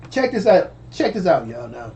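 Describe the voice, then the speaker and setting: A man's voice: fairly high pitch, sing-song, moderate pace, dark tone, highs cut off, slight background noise. Stammering man telling a story to viewers. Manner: stammering, repetitive, addresses audience directly. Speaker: storyteller vlogger. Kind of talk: casual personal storytelling.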